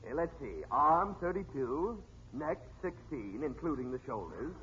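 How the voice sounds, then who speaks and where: An actor playing a brisk police doctor with a dry wit in a 1940s radio comedy. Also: male voice, a little high, sing-song. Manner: brisk, wisecracking. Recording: dull old radio broadcast with hiss.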